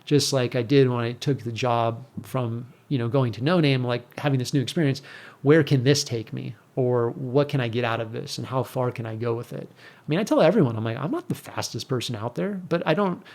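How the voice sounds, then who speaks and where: A middle-aged man, a guest on an interview show, telling a story in a casual, animated way and acting out the exchanges he quotes. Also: mid-range voice, a little fast, creaky.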